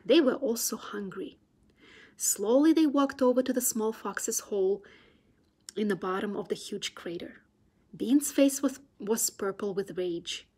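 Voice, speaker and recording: Gentle woman storybook reader who sometimes drops almost to a whisper; airy tone. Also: mid-range voice, expressive, measured pace, husky. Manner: gentle and soft, drifting into near-whispers. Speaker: children's book reader. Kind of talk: reading a storybook aloud.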